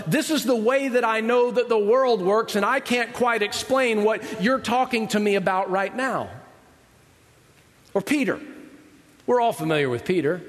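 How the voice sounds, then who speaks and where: A man preaches to a live congregation in a relaxed, talky way, often tossing out a quick question to the room. His voice sits high. A long hall reverb trails behind every phrase. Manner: conversational, asks the audience "right?"; acts out quoted voices of Bible figures. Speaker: pastor. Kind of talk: sermon.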